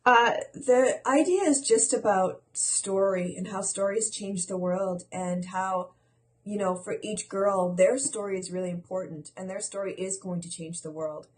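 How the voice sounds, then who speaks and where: A woman of middling pitch talks as a guest author in a casual interview. Her manner is cheerful and wry, with a dry humor. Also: unhurried, darkish tone, a little hiss or hum. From South America, raised in Canada.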